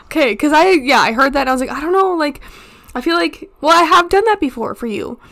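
Female podcast co-host with a slightly high voice, loose and profane. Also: lively intonation, fast talker, fairly bright tone. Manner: chatty and frank, laughing often and cursing. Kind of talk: casual chat.

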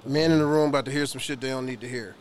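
A man's voice: mid-range voice, fairly even intonation, very fast, a crowd in the background. A young man co-hosting a podcast, telling a boastful story with joking banter. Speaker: podcast co-host. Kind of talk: casual explicit chat.

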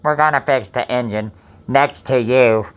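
A woman voicing an airline pilot who gives a slow, halting cabin announcement. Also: rumbling low, pitched below the performer's own voice. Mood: announcing.

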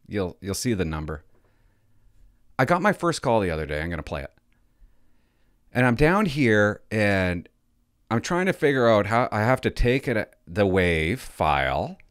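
Rambling older man with lively pitch. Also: no echo, clean studio sound. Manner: rambling, self-conscious, halting. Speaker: channel host. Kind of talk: casual vlog chat.

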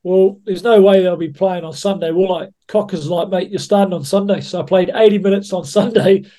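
High-voiced New man, sweary. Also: steady tone, moderate pace, mellow. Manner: blunt, sweary, says "mate" a lot. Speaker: rugby head coach, podcast guest. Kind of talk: casual anecdote-telling.

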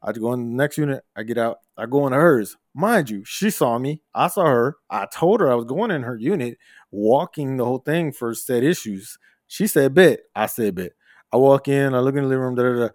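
Profane, animated podcast co-host man. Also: medium pitch, brisk, dry recording, studio quality. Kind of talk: casual chat.

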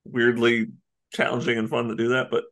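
A man co-hosting a podcast in casual chat, rambling and animated, swearing and laughing often. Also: medium pitch, brisk. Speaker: podcast co-host.

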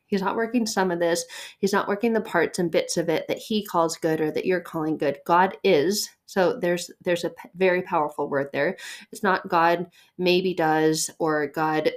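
A woman with a slightly low voice gives a conversational devotional talk. She speaks earnestly and warmly, with small laughs and words repeated for emphasis. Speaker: faith podcast host.

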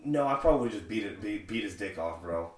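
Profane, animated man in an echoey room. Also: lowish voice, quick pace. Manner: profane, storytelling, says bro constantly. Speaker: podcast guest. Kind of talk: casual crude banter. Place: dim home room.

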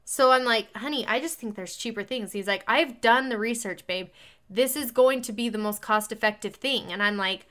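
A woman with a bright, somewhat high voice is telling a story in a relaxed, chatty way. She acts out the back-and-forth between herself and another person, keeping the dialogue lively. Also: moderate pace. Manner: animated, acts out both sides of a conversation. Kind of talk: casual chat.

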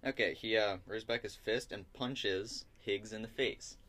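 Low-voiced man running a tabletop game. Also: steady tone, a bit bright. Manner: halting, with fillers while narrating. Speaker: game master.

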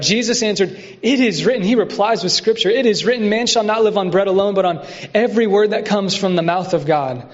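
A man with a high voice preaching as pastor, energetic and leading the congregation in call and response. His words ring out with a long reverb through a large church hall. The recording sounds muffled and lo-fi. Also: fairly quick. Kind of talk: sermon.

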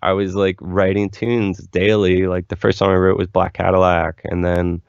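A young man with a very deep voice and a gravelly, fry-laden texture tells his story candidly, looping through "like" fillers as he goes. The recording is dull, lo-fi and dry. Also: flat delivery, normal speed, no echo. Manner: rambling, candid, lots of "like" fillers. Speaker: musician guest. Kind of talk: casual interview storytelling.

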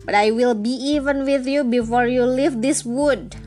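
A woman's voice: sits high, fairly even intonation, normal speed, a little mellow, faint music behind, close to an everyday voice. A woman voicing a proud, scheming male fairy king in a storybook reading, with a commanding, stately delivery. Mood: stern.

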